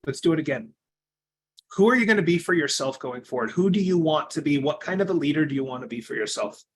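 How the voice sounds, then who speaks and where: A young adult man speaks as a coach, telling his own story with earnest conviction. His voice sits fairly high for a man, and he swings between loud, emphatic lines and soft, quiet asides. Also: expressive, fast, noisy background. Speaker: speaker giving a coaching talk. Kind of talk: personal storytelling talk.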